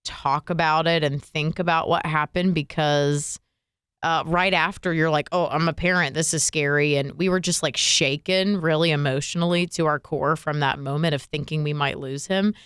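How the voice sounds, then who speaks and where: A young woman co-hosting a podcast, retelling a personal story in an emotional, animated way full of fillers. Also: low voice, moderate pace, smooth, dry recording, studio quality. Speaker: radio and podcast co-host. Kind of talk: casual conversational storytelling.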